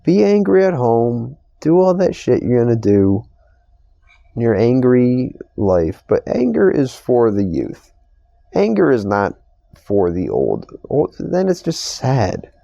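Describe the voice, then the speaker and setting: A young man rambles through a profane, exasperated podcast rant. His voice is dark and gravelly, swinging widely in pitch, and the dry recording sounds a little dull. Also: wildly swooping pitch, slow pace, no room sound. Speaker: podcast host. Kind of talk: casual solo podcast rant. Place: store receiving area.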